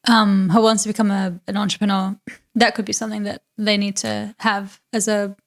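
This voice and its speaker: Gravelly-voiced woman hosting an interview. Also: medium pitch, flat delivery, fairly quick. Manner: encouraging, prompts with short questions and backchannels. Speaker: podcast host. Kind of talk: casual interview.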